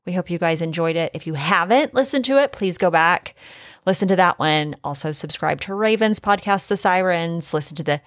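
A woman from Oklahoma co-hosting a podcast in casual chat, talkative and quick to laugh. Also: lowish voice, no echo, clean studio sound. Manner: chatty, restless, quick to laugh. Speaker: podcast co-host.

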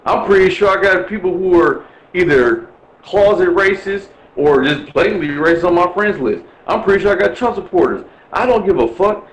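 A man's voice: sits high, expressive, moderate pace, roomy sound, muffled recording. A man from Milwaukee talking bluntly and profanely in a casual chat, ranting with lots of swearing. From Milwaukee, USA.

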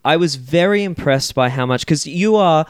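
A man with a smooth, clean voice chats and rambles, swearing freely as he recaps films. The sound is dry and close, with no room around him. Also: on the high side, moderate pace, no echo. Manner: rambling, profane, animated storytelling. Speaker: podcast host. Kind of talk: casual chat.

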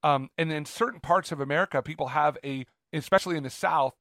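Brief: male podcast co-host, a touch high-pitched, excitable and rambling, dry close mic. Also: quick pace, no room sound. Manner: enthusiastic, rambling with restarts. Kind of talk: casual podcast chat.

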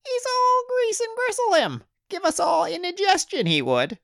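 Squeaky scrawny goblin, whimpery, gravelly, pitch all over the place. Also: male voice, huge pitch swings, moderate pace, fairly bright tone, dry recording, clean studio sound, heavily acted. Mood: indignant. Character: cowardly scrawny male goblin, whiny and shifty.

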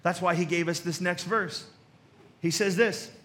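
Male pastor, high-pitched and sharp-toned, preaching conversationally with jokey asides and repeated punchlines. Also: steady tone, a little slow. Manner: conversational, with joking asides and rhetorical questions; emphatic, repeats key phrases. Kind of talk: sermon.

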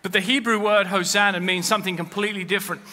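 Male pastor preaching, sharp bright voice, pitched up, church reverb trailing off. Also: fairly even intonation, quick pace. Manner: preaching with rising emphasis and quoted scripture. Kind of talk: sermon. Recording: long hall reverb.

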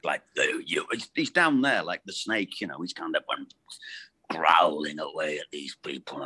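A middle-aged man with a deep, low voice, chatting as a voice actor guest in a rambling, halting way. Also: expressive, sharp tone, breathy edge. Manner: rambling, halting and self-correcting. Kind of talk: casual interview chat.

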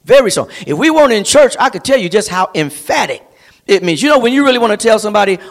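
A man's voice: sits high, sing-song, fast talker. A male pastor preaching an emphatic sermon to a streamed congregation. He repeats and builds phrases, rising to near-singing on key words. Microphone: streamed service.

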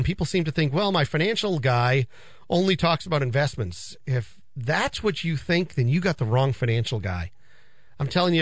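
Chatty radio host, lively and dry. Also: male voice, fairly high pitch, no room sound. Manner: animated, chatty, repeats phrases for emphasis. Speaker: radio show host, financial advisor. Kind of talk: casual radio talk. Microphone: studio microphone.

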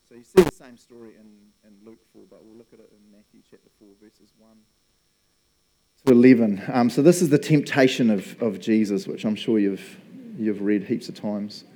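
A pastor delivers a relaxed, conversational sermon, chatting, laughing often, and repeatedly asking "right?" His mid-range voice has a dark tone, with slight background noise.

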